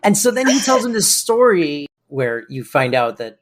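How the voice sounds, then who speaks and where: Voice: medium pitch, very animated, normal speed. A podcast co-host in casual recap chat, chiming in and retelling a scene by acting out the characters' lines. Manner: jumps in and finishes the other host's sentences, mimics characters.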